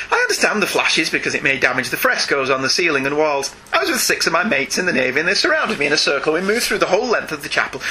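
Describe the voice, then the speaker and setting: A man co-hosts a casual talk show, reading out listener emails and laughing often. His voice sits high and bright, with lively swings in pitch. There is a faint hiss behind him. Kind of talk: casual chat.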